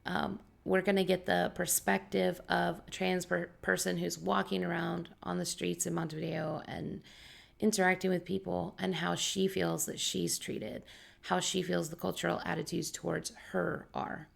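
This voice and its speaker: With a flat delivery at normal speed, a young adult woman speaks in a lowish voice full of vocal fry. She's an English teacher giving casual explanations to her vlog viewers, hedging with disclaimers and filling gaps with fillers.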